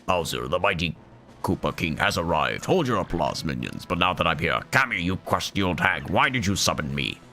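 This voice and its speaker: A hoarse man voicing a pompous, bossy male monster king with a pirate-like growl. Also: deep voice, sing-song, brisk, sharp tone, soft background music, voice pushed down, heavily acted.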